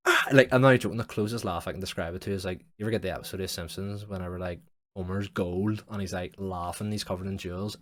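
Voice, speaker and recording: Low-voiced sweary guy. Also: steady tone, fast, no room sound. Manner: rambling, sweary, heavy use of "like". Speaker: podcast host. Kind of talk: casual storytelling monologue.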